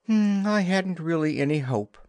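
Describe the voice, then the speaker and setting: A man's voice: fairly high pitch, animated, normal speed, a little mellow, no room sound, clean studio sound, voice pushed up. A man voicing a timid, humble little boy who speaks diffidently and plods on heavily. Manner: diffident, plodding.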